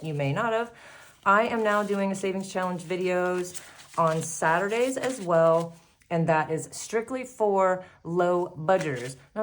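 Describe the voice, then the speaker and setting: A woman with a fairly low voice chats to her viewers as she works through a savings challenge, upbeat and quick to laugh. She sounds a little out of breath. A faint hiss of background noise sits under her voice. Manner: chatty, upbeat, laughs often, counts aloud. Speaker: savings challenge video host. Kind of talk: casual chat to viewers while doing crafts.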